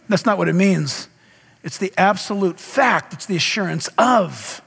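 A man's voice: high voice, animated, unhurried, vocal fry, fairly bright tone, slightly rough, long reverb tail. A man preaching a sermon as pastor, talking straight to his congregation with passion. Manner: impassioned preaching, direct address to congregation.

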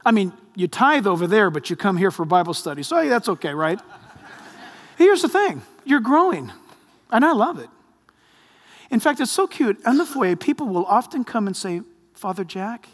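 High-pitched middle-aged pastor dude preaching, jokey storyteller, big echoey church hall. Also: male voice, moderate pace. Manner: animated storytelling preacher with jokes. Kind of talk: sermon. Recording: long hall reverb.

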